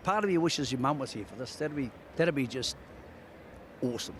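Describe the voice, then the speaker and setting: A man's voice: medium pitch, animated, fairly quick, slight background noise. A man hosting a racing show, chatting with a trainer in a matey way and asking leading questions. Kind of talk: casual interview. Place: outdoors at a racecourse.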